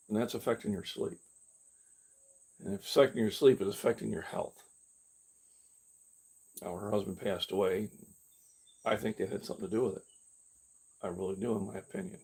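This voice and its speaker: Older man with a husky voice. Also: fairly low pitch, darkish tone. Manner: candid, meandering, with frequent restarts; acts out his own past reactions in a mocking voice. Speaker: fitness channel host. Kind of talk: rambling live-stream talk. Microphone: camera he carries himself.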